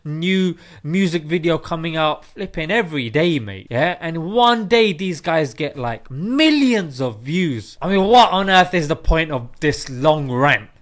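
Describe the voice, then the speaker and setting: A man with a noticeably high speaking voice hosts his own channel. He rants in a playful, slangy way, mixing jokes into his commentary. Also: lively intonation, measured pace, few pauses. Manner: playful, chatty, slangy delivery. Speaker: Islamic video host. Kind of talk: comic ranting commentary.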